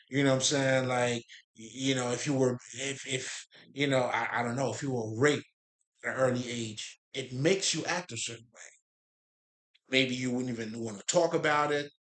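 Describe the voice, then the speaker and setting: A spiritual talk host rambles loosely through spiritual ideas at a middle pitch, with fairly even intonation, a moderate pace, and a fairly bright tone. He drifts off track, uses street slang, curses freely, then laughs and gets back to his point.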